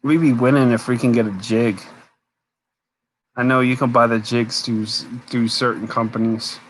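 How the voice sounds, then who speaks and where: A man's voice: mid-range voice, level tone, normal speed, rough recording. A man hosting a casual late-night live stream, rambling, answering viewers' comments, tired and yawning. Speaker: homesteader live-stream host.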